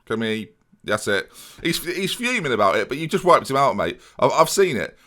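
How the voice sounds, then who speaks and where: A man's voice: medium pitch, big pitch swings, normal speed, sharp tone. A young man hosting a gaming video, giving casual let's-play commentary in a sardonic, self-mocking way and talking straight to his viewers.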